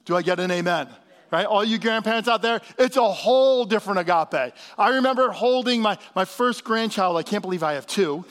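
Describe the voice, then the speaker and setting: A man in his fifties preaching a sermon in a fairly high voice. He talks to his congregation like they're friends, calls out for an amen, and sometimes sinks to a near whisper for emphasis. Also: fairly quick. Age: 50s. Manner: animated preaching, drops to soft hushed tones for emphasis. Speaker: pastor.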